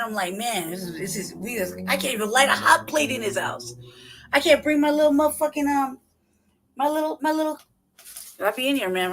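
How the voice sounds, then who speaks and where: A woman with a high voice hosts a casual commentary. She rants at length, swears constantly and tells her own stories in an animated, unfiltered way. She is from Los Angeles. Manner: animated, swearing, ranting and laughing. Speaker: show host commenting on a played clip.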